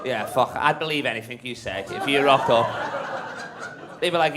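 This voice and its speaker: A man's voice: mid-range voice, measured pace, heavy background noise. A man doing stand-up comedy at a club, bantering brashly with the crowd and swearing freely. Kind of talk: live stand-up crowd work. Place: comedy club stage with a live audience. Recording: live club recording with crowd.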